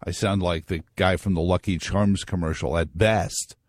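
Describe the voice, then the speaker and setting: A man's voice: low-pitched, steady tone, normal speed, no echo. A man hosting a talk radio show, delivering a wry, joking, digressive monologue into a studio microphone.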